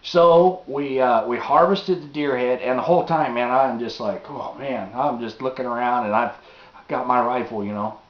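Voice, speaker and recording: A man recounts an outdoor story in a loose, spoken style, acting out quotes and swinging between hushed and loud. The sound is roomy and a little dull, like a home video. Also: medium pitch, moderate pace. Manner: animated, acts out quotes, drops to a hush.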